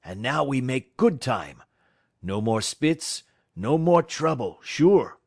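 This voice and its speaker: A man voicing an excitable, rough French-Canadian dog driver who shouts in broken English. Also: mid-range voice, slow pace, no echo, studio quality, pitched above the performer's own voice, full character voice. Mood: boastful. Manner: loud broken-English exclamations.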